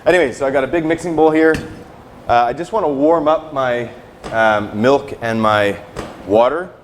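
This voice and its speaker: A man's voice: medium pitch, normal speed, a little hiss or hum. Casual chatty male cooking instructor. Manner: casual, tags sentences with "right?" and "okay?". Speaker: culinary instructor. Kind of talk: cooking class demonstration. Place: teaching kitchen.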